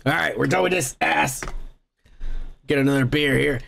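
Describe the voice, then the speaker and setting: A man's voice: a little high, moderate pace, creaky, a bit bright, a little hiss or hum. A tipsy male podcast host in a profane, rambling rant, swearing and laughing often. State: tipsy from beer.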